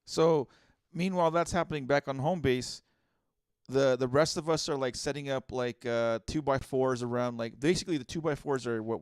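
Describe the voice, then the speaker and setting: A man's voice: medium pitch, dry recording. A man, chatting casually on a podcast and recounting a story. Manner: relaxed, chiming in with agreement. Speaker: podcast co-host.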